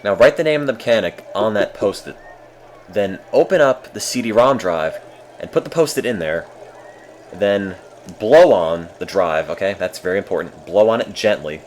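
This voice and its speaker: A man streaming a game with casual, deadpan, self-mocking commentary. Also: fairly low pitch, moderate pace, a little hiss or hum.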